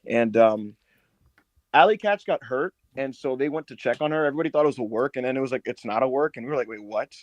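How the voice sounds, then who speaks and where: A man co-hosting a casual wrestling podcast, telling a long story with lots of swearing and high mock voices for the people in it. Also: fast, no room sound, highs cut off. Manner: animated storyteller, swears a lot, acts out others in high put-on voices. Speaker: podcast co-host.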